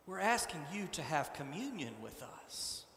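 Man voicing a gentle congregation speaking as one, calm, earnest, slow, echoey hall. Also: fairly high pitch, slight background noise, voice pushed down, exaggerated voice.

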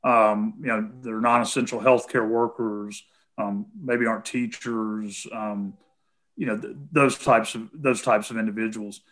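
A man's voice: fairly low pitch, steady tone, measured pace, fairly bright tone. Hesitant man with a Tennessee accent. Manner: hesitant, full of "um" and "you know". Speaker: guest answering callers' questions. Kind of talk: casual call-in conversation.

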